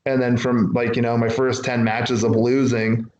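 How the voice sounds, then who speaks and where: A man's voice: mid-range voice, level tone, normal speed, a little mellow, dull audio. A man telling stories in a loose, rambling way, jumping between his own words and the voices of people he quotes. The recording sits in an echoey room with a faint hiss underneath. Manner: rambling, acts out quotes from others. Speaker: wrestler guest. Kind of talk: casual interview storytelling.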